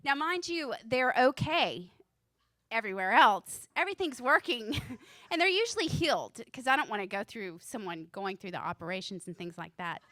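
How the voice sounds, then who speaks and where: A woman's voice: on the high side, lively intonation, moderate pace, a bit bright, no echo. A woman in her forties doing a stand-up comedy set on a club stage, nervous and self-deprecating, laughing at her own jokes. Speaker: student stand-up comic.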